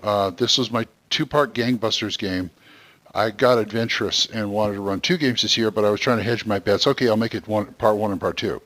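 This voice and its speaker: A man's voice: on the low side, a little fast, fairly bright tone. A man co-hosting a podcast, easygoing in casual chat and steering the talk. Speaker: podcast co-host.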